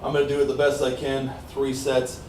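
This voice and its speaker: This Canadian man speaks in a medium-pitched, monotone, slightly mellow voice, picked up from a distance in a small, warm room indoors. He's a vlogger, winded from exercise and rambling loosely, with frequent repeats of "like I said" and "uh" in his pauses. A faint hiss sits under the roomy, off-mic sound.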